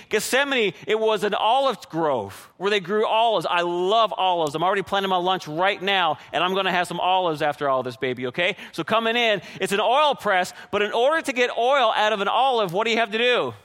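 A man preaching a sermon to a congregation, animated and often checking in with "right?". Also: high-pitched, in a large hall. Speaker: pastor.

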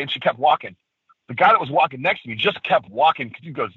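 A man telling lively stories on a podcast, acting out what others said. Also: a little high, fast talker, husky, no room sound. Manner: animated storyteller, acts out quotes. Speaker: podcast guest. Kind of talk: casual storytelling. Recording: tinny phone-line sound.

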